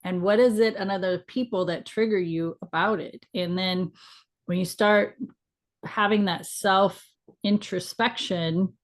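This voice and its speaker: A woman's voice: medium pitch, steady tone, measured pace. A middle-aged woman co-hosting a casual spiritual chat, talking in a frank, reflective way with some mild swearing. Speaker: podcast co-host.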